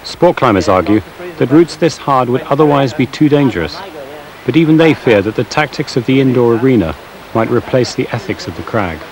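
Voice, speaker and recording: A man's voice: mid-range voice, expressive, fairly quick, darkish tone, rough recording. Man narrating a documentary. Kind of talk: scripted narration.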